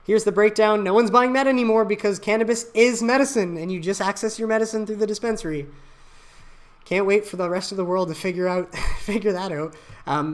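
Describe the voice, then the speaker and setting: A mid-pitched host talks through the week's market headlines in a loose, casual way. The delivery is blunt and opinionated, reading items aloud and then adding frank personal asides. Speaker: channel host. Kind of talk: casual market news commentary.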